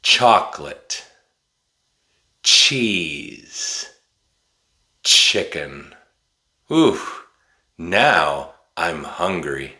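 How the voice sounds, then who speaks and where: Male teacher from Wisconsin, deliberate over-enunciation, bright and forceful tone. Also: low voice, sing-song. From Wisconsin, USA. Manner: slow, deliberate, exaggerated enunciation. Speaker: English teacher. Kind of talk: pronunciation lesson.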